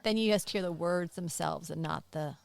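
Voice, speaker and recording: A woman on a writing podcast talks in a thoughtful, analytical way, reasoning through her points. Her voice sits slightly low, recorded dry and close. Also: normal speed, creaky, no room sound. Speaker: podcast co-host. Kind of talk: casual podcast chat.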